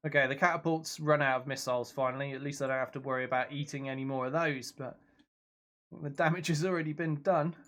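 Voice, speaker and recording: A young man with a slightly high-pitched voice plays a video game on a live stream from his home. He talks casually, reacting out loud to every turn and reading his viewers' messages back to them. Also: a little fast. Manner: chatty, reacts aloud to the game and reads out chat.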